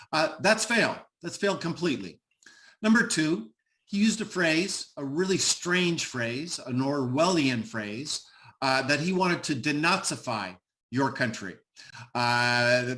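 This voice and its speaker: A man's voice: fairly high pitch, pushed and bright. A middle-aged American man speaking emphatically on an online panel, with frequent "uh" fillers and repeated words. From United States.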